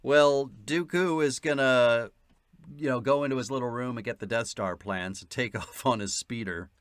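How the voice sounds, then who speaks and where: A man's voice: medium pitch, moderate pace, clear, resonant tone, no echo. A man co-hosting a podcast in casual chat, easygoing and agreeable. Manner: easygoing, laughs along, agreeable. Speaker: podcast co-host.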